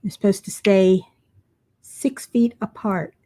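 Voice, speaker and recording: A woman's voice: medium pitch, fairly even intonation, takes it slowly, mellow. A tired woman hosting a casual crafting livestream, chatting and reading viewer comments aloud as she works. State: tired, yawning. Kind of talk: casual live chat with viewers.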